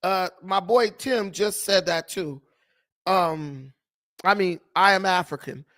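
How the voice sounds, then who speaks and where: A man's voice: high-pitched, takes it slowly, sharp tone. A man hosting a political commentary vlog, talking in mocking, scornful asides. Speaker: commentary host.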